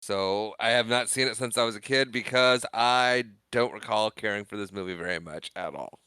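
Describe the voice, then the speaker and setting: Male podcast co-host, measured and hesitant, lower pitch, smooth clear tone. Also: pushed and bright, no room sound. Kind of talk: casual film review.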